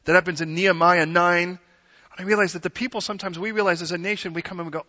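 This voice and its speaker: A man preaching a sermon as pastor in a church, conversational and animated, acting out quotes in different voices. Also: sits high, fast talker. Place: church sanctuary. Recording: dull sound with long hall reverb.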